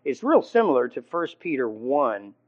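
A man teaching from the Bible in an informal sermon, halting with fillers and restarts and often clearing his throat. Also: medium pitch, very animated. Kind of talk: conversational sermon. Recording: dull lo-fi recording.

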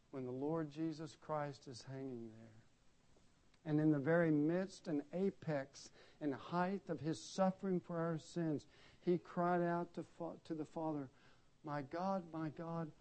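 A man delivering a sermon in a fairly high voice. He builds to loud, emphatic peaks and then sinks into quiet, solemn low phrases. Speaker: preacher.

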